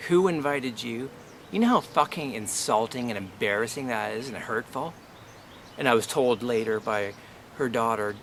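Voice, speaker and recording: A man's voice: mid-range voice, a little hiss or hum. A man vlogging an angry personal rant, indignant and swearing freely as he vents. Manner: profane, indignant, venting.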